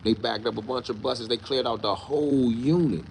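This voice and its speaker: A man's voice: mid-range voice, normal speed, gravelly, a little mellow, slight background noise. A man hosting his own channel, answering live chat in a casual, blunt and profane way, often mocking the commenters. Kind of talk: casual livestream talk.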